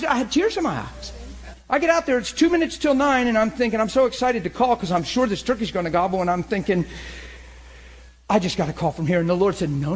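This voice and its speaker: A man in his forties, a preacher telling hunting stories in a lively, laughing sermon style. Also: high voice, a little hiss or hum. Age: 40s. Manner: animated, laughing storyteller. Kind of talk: sermon storytelling.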